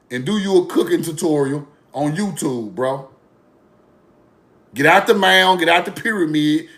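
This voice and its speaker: With a fairly bright, somewhat high voice, an online commentator rants casually to camera. He's mocking, blunt and profane, repeating himself for effect.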